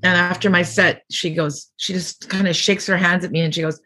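A woman's voice: lowish voice, steady tone, fairly quick, hardly any pauses, pushed and bright, husky. A middle-aged woman comedian being interviewed, telling rambling anecdotes and acting out the people she quotes. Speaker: comedian guest. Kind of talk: casual storytelling interview.

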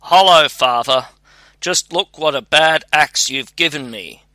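A man voicing a clever, patient young scholar talking to his father in a read-aloud fairy tale, calm and reassuring. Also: on the high side, measured pace, dry recording.

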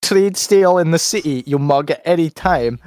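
A man's voice: a little high, moderate pace, darkish tone, no echo, clean studio sound. A British man hosting a livestream, laughing often as he reads out a comic rant and the chat. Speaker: livestream host. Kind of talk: casual stream chat and comic rant reading.

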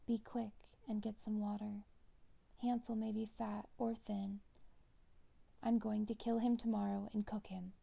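A woman's voice: medium pitch, flat delivery, a little slow, vocal fry, warm tone. A woman voicing a wicked, greedy old witch with a jeering, bossy manner. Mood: impatient bossy.

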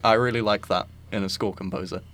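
A man's voice: on the low side, fairly even intonation, fast talker, a bit bright. A man co-hosting a podcast, chatting casually about films, with lots of "like" and "I think" fillers. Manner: rambling, many "like" and "I think" fillers. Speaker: podcast co-host. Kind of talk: casual film discussion.

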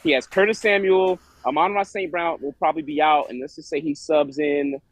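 A man co-hosting a podcast, talking in a rambling, animated way with frequent restarts. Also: on the high side, fairly quick, poor audio. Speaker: podcast co-host. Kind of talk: casual chat.

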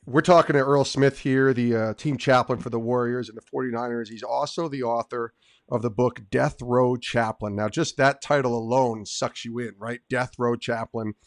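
A man's voice: medium pitch, no echo, clean studio sound. A man hosting a podcast, eagerly introducing and questioning his guest in a casual interview. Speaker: podcast host.

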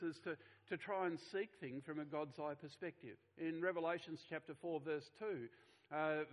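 A middle-aged man delivers a sermon in an earnest, conversational style. His voice sits a little higher than most men's, and he often restarts his phrases. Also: low-quality recording. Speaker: pastor.

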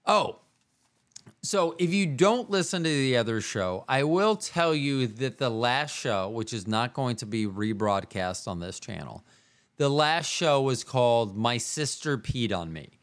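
A man hosts his own show solo and talks casually in a loose, rambling way. His pitch swings widely as he jokes at his own expense. He drifts from one aside to another. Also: animated, a little slow. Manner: rambling, self-mocking, jumps between voices. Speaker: podcast host. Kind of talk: casual solo podcast monologue.

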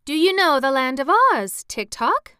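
An earnest little girl in a storybook, eager and insistent, as a woman reader puts her on. The voice sits higher and brighter than the reader's own, smooth and resonant, unhurried, recorded dry and close. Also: animated, dry recording.

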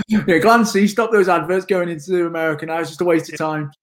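British male co-host, upbeat banter, slightly higher voice, home kitchen. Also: steady tone, normal speed. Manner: chatty, joking, upbeat. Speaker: co-host of a morning wellness show. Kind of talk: casual morning show chat.

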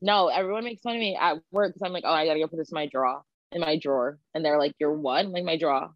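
A young woman with a New Jersey accent, chatting as a podcast co-host, her voice sitting a little low. She tells rambling, animated stories full of "like." The sound is dry and a bit dull. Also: very fast, no echo. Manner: chatty, animated storytelling with lots of "like". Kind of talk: casual chat.

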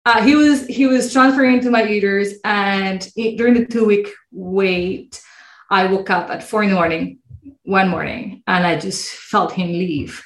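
A woman's voice: medium pitch, steady tone, normal speed. A woman being interviewed as a guest who shares a personal story. She speaks expressively and acts out other people's voices when she quotes them. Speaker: guest, mindset coach. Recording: roomy echo.

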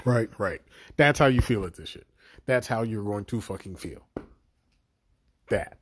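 A man's voice: fairly low pitch, lively intonation, measured pace, long pauses, husky. A man giving an exasperated, profanity-laden video review of a series he thinks let him down. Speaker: show reviewer.

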